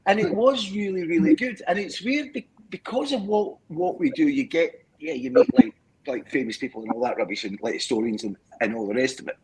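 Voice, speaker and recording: On a rough recording, a man from Scotland talks a little fast in a high-ish, creaky, darkish, slightly rough voice with big pitch swings. It's a casual live stream chat where he rambles through stories, repeats words, and keeps asking "do you know what I mean".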